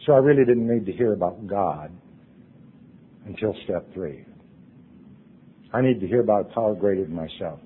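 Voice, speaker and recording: A man telling his recovery story to a meeting, earnest, his voice dropping hushed at emotional points. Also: on the low side, brisk, long pauses, husky. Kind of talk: personal recovery talk. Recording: tinny phone-like recording.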